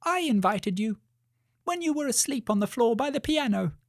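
A man voicing a small eager male mouse, talking quickly and excitedly. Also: very high voice, no room sound, studio quality, pitched above the performer's own voice.

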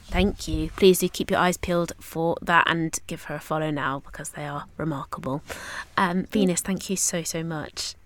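A woman's voice: low-pitched, steady tone, normal speed. A woman co-hosting a podcast, bubbly and enthusiastic in casual chat. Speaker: podcast co-host.

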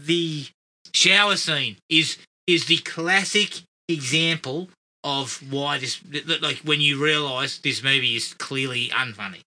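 A man's voice: a little high, measured pace, pushed and bright. A man co-hosting a casual film review podcast, swearing and laughing often.

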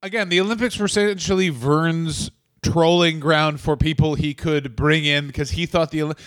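A man's voice: fairly high pitch, fairly even intonation, moderate pace, a bit bright, dry recording. A man in his thirties co-hosting a comedy podcast, ranting in casual chat with profane bursts of mock outrage. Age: 30s.

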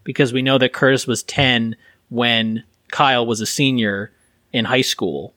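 A man's voice: medium pitch, steady tone, measured pace, sharp tone, no room sound. Podcast co-host, man, eager and rambling, close dry mic. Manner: enthusiastic, rambling, many restarts. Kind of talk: casual film podcast discussion.

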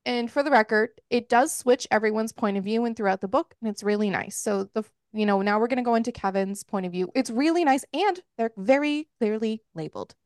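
A woman hosting a book club podcast, recapping a story in casual chat with lively, profane quoted dialogue. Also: on the high side, a little fast, few pauses, no room sound, studio quality.

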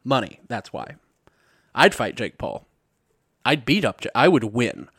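A young man from Missouri hosts a podcast in a loose, jokey, foul-mouthed rant that keeps stopping and restarting. His voice sits at a middling pitch. It is recorded close and dry, with no room sound. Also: sing-song, unhurried, a bit bright, slightly rough, no echo. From Missouri, USA. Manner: profane, rambling, self-interrupting, jokey. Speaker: podcast host. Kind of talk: casual comedic rant. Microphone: podcast mic.

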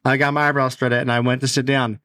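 A man co-hosting a casual podcast, telling stories in a blunt, animated way. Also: medium pitch, quick pace, dry recording, studio quality. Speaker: podcast co-host.

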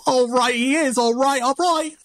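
A man voicing a rowdy, excited Englishman on a ship, with an exaggerated comic English accent and shouty delivery. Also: extremely high pitch, moderate pace, no echo, voice pushed up.

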